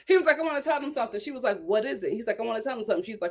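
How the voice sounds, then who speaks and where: A woman's voice: high-pitched, racing. A woman hosting a reality TV recap, talking casually and sassily, laughing and acting out the people she quotes. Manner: sassy, animated, laughing, acts out quotes.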